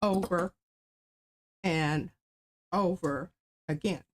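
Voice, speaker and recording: A woman's voice: on the low side, drawn-out words. A woman casually talking through an art stamping demo, explaining each step as she works. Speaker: artist demonstrating stamping. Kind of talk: casual craft demo chat.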